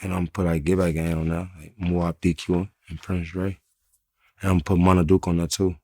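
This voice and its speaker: A rapper from Chicago talking bluntly and profanely in a casual interview, telling stories with laughs. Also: male voice, deep voice, flat delivery, normal speed, darkish tone, dry recording, studio quality.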